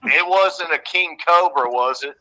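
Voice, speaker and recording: A man's voice: a little high, a little slow, very noisy. A man with a Southern US accent calling into a live stream, casual and laid-back, laughing often and swearing freely. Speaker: caller. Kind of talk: casual chat.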